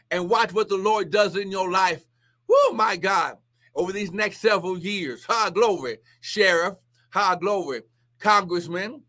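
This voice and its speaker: On a live stream, a high-voiced man preaches prophetically, exclaiming often and swinging between shouts and hushed asides.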